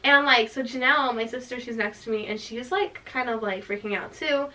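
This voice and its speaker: Bright, animated young woman storyteller. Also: on the high side, a little fast. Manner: animated, heavy filler "like", laughing. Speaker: vlog host. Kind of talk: storytime chat. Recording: voice a bit distant from mic.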